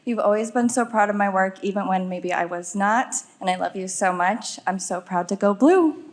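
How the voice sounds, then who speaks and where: A young woman graduate giving a quick, tender thank-you. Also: mid-range voice, background noise. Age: young adult. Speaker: graduating student.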